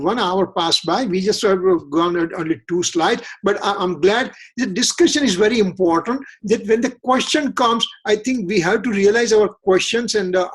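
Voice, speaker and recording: A man's voice: high-pitched, husky. A man leading a religious scripture study class, earnest and repetitive, often asking rhetorical questions.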